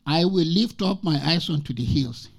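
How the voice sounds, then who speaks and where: His voice sits on the high side, expressive with vocal fry, at normal speed. A Nigerian man in his sixties, he delivers a sermon as a guest speaker, emphatically repeating scripture and sharing experiences from his life.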